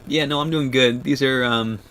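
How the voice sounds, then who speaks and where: A man in his thirties talking to viewers on a livestream, choked up and halting, with many restarts. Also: mid-range voice, fairly even intonation, a bit bright, smooth. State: choked up, near tears. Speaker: vlogger on a livestream. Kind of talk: emotional livestream chat.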